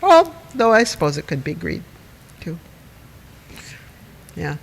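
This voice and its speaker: A man's voice: fairly high pitch, huge pitch swings, slow, creaky, slight background noise. A man teaching a dharma talk to a group, conversational and wry, with asides to his listeners. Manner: conversational, wry and self-mocking, with audience asides. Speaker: meditation teacher. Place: meditation hall. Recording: long hall reverb.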